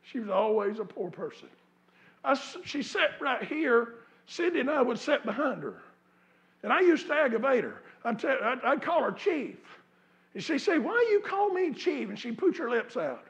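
High-voiced preacher with a gravelly edge. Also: male voice, big pitch swings, normal speed, highs cut off. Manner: folksy storytelling, rising to fervent shouts. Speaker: pastor. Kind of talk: sermon. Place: church sanctuary.

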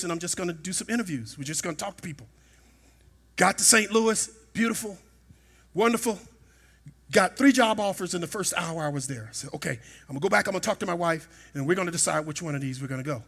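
A middle-aged man preaching a sermon in a church, telling a personal story and rising to shouts at its peaks. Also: high-pitched, vocal fry. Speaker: pastor. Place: church sanctuary.

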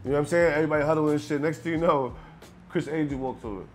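A Brooklyn man with a slightly high voice tells a long story in a loose, animated way and slips into the voices of the people in it. He keeps checking in with "you know what I'm saying". Faint music plays under him. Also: rapid-fire. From Brooklyn, New York. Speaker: rapper guest. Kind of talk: storytelling in a casual interview.

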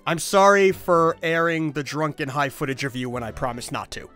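A man's voice: on the high side, moderate pace, pushed and bright, faint music behind. A man hosting a comedic toy history show, jokey and exasperated, his voice cracking upward when flustered. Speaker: host.

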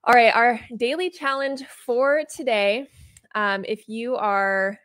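A woman's voice: fairly high pitch, fairly even intonation, slow pace, a bit bright, no echo. A woman co-hosting a livestream, bubbly and casual, with frequent ums as she reads out comments. Her voice is close and dry, with no room sound. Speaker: livestream co-host.

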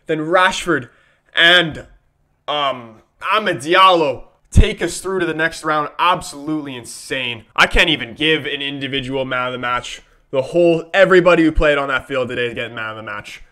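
A young man with a fairly high voice films himself reacting live to a football match at normal speed. He swings between muttering and shouting and swearing.

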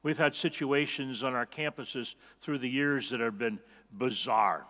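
A man's voice: mid-range voice, measured pace, pushed and bright. Man preaching in a reverberant hall. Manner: earnest, emphatic, repeats key phrases. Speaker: pastor. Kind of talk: sermon. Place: church sanctuary.

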